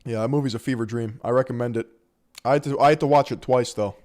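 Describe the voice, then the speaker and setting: A man's voice: mid-range voice, steady tone, fast, a little mellow. A man joking and laughing as he comments casually on video clips.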